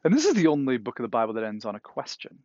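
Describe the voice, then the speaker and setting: Racing along with wildly swooping pitch, this medium-pitched man has a darkish tone as he preaches, chatting through a story and repeatedly asking "right?" The pastor is indoors, cool enough for a jacket; the audio has no echo but sounds muffled.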